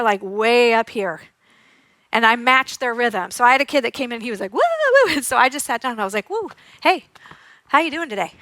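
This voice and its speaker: A woman occupational therapist giving a lively, demonstrative conference talk, acting out sounds and giggling as she teaches. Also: on the high side, no room sound. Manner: giggles often while teaching. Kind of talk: live conference presentation.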